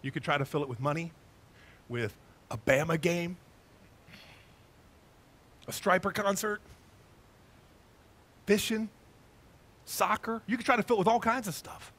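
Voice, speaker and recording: A man, a pastor preaching a sermon in a church, lively and conversational, telling stories to his congregation. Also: sits high, measured pace, long pauses. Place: church sanctuary.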